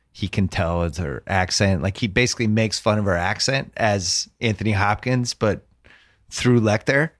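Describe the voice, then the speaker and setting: Chatty low-voiced man hosting a podcast. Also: a bit bright, dry recording, studio quality. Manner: chatty, enthusiastic storyteller. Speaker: podcast host. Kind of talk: casual conversation.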